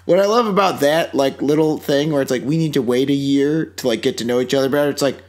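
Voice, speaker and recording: A man's voice: medium pitch, fast, a little mellow. A man co-hosting a podcast, reviewing a movie in casual chat, sarcastic and swearing as he acts out mocking quotes. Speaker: podcast co-host.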